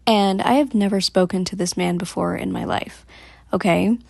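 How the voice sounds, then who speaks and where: A woman vlogger tells a long story straight to camera, chatty and animated, breaking into laughs along the way. Her voice has a gravelly fry to it and sits at an ordinary pitch. The sound is dry and close. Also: normal speed, dry recording.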